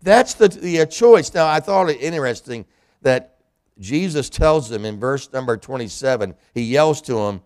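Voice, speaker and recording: A man's voice: medium pitch, lively intonation, moderate pace, darkish tone. A man preaching a sermon in a church, a pastor and hospital chaplain who acts out the voices of people in scripture.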